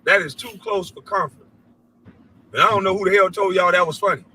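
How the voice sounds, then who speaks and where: A middle-aged man rants into his show with a high, bright, cutting voice. He swears freely and preaches at his listeners. Now and then he mimics other people in an even higher voice. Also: brisk, breathy edge, poor audio. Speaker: show host. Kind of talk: heated commentary rant.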